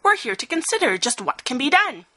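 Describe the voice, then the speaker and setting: A woman's voice: sits high, sing-song, brisk, sharp tone, full character voice. A woman voicing a wise, determined old male elephant in a storybook reading, earnest in manner.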